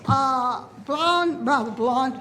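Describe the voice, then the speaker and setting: A woman's voice: high voice, drawn-out words, pushed and bright, low-quality recording. A woman speaking off to the side of a podium microphone during public comment in a board chamber, rambling and accusatory and repeating herself. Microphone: off to the side of a podium mic.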